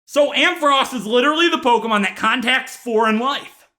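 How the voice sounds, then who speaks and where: A man doing a comedic rant to camera, mock-outraged with deadpan asides, sighs and laughs. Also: extremely high pitch, fairly quick. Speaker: YouTuber.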